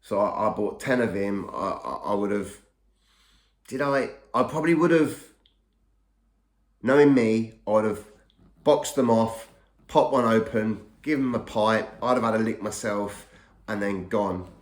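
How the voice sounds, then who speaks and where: A man's voice: on the low side, unhurried, long pauses. A middle-aged man telling his own story in a casual, rambling way, often repeating and restarting words. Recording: echoey room.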